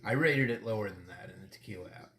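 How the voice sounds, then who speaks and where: A man's voice: on the low side, quick pace, pushed and bright, faint music behind. A middle-aged man hosting a casual chat during a tequila tasting, rambling and laughing often. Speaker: podcast host. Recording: echoey room.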